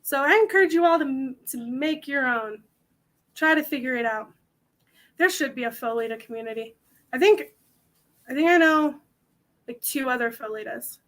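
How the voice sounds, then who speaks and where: A woman's voice: high-pitched, moderate pace, long pauses, fairly bright tone. A young woman hosting a convention panel, chatting casually to the audience in a rambling, self-mocking way.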